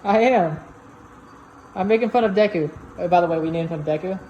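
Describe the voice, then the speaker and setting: In a noisy home recording with dull audio, a woman with a lowish voice gives brisk, casual unboxing commentary. The product reviewer is chatty and slangy, talking to a robot vacuum as if it were a person.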